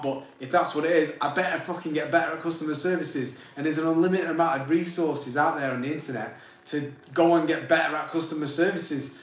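A man's voice: on the high side, fairly bright tone, echoey room, rough recording. A man with a broad Manchester accent who runs a tattoo studio, talking bluntly and swearing freely in casual chat. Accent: Mancunian.

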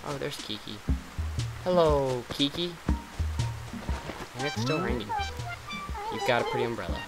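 Over loud music from a cozy life game, a male gaming vlogger rambles through casual let's-play commentary in an animated, medium-pitched voice. He speaks at normal speed with long pauses, sarcastically teasing the characters, and the audio quality is poor.

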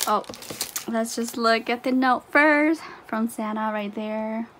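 A woman's voice: fairly high pitch, slow pace, a bit bright, a little hiss or hum. Gushing woman unboxing a haul. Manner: gushing, breathless exclamations and fillers. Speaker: YouTuber unboxing a photocard haul. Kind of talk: casual unboxing vlog.

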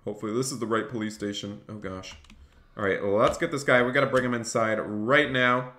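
A man's voice: fairly low pitch, a little fast, pushed and bright. A man streaming a game live, cheerfully thanking donors and barking mock police orders as he role-plays a cop. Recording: echoey room, faint noise.

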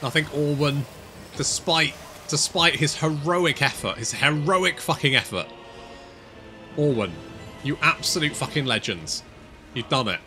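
Male game streamer, lively bright voice, cheers and swears at his units, desk mic. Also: a little high, measured pace, faint music behind. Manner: excitable, sweary, talks to units. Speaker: gaming channel host. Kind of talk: casual gameplay commentary.

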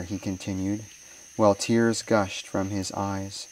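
A man, a minister, reading a moral story aloud in a measured, solemn way. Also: fairly low pitch, level tone, darkish tone, recorded from a distance, low-quality recording.

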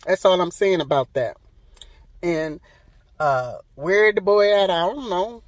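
A woman's voice: lowish voice, measured pace, no echo, low-quality recording. A woman vlogging to her phone camera from the driver's seat of a parked car. She talks in a sassy, emphatic storytime way, circling back and repeating lines to drive each point home. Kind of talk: casual storytime vlog. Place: parked car outside a hospital. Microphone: handheld phone camera.

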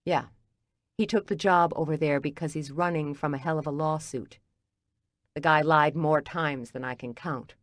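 A woman's voice: deep voice, normal speed, no room sound, studio quality, close to an everyday voice. A woman reading an audiobook, voicing a hurt, angry man who speaks in a brusque, cutting way. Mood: arguing. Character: angry wounded man arguing with his ex.

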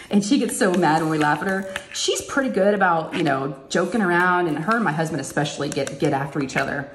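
A middle-aged woman crafting vlogger chats casually with viewers as she works on diamond painting at home, in an echoey craft room with faint noise. She's expressive at a normal speed, storytelling and acting out others' remarks in a higher voice.

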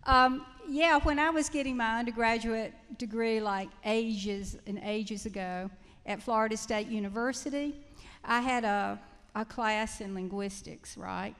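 Gravelly Georgia-accented woman in a hall. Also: on the high side, fairly even intonation, a bit bright. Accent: Southern US, Georgia. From South Central Georgia. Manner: chatty and storytelling, with halting restarts. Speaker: panelist, writer. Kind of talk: panel discussion. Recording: reverberant lecture hall.

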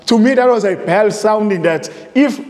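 A man's voice: high voice, moderate pace, darkish tone. A man preaching a sermon, reading from printed sources and repeating his points with rhetorical questions. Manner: emphatic, repeats phrases, asks rhetorical questions. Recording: echoey room with long reverb.

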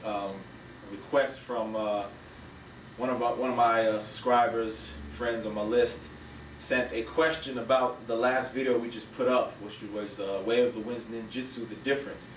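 A man teaching a martial arts technique, walking through each move and punctuating the strikes with sharp sound words. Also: steady tone, normal speed, a little hiss or hum. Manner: talks while demonstrating moves, punctuated with "bam" and "boom". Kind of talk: demonstration walkthrough. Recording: echoey room, from a distance.

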